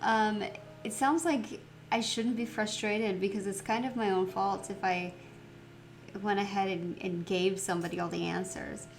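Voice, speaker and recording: A woman chatting casually as she plays through a story game, reflective and quick to laugh. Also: mid-range voice, fairly even intonation, creaky, slight background noise. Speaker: let's play host.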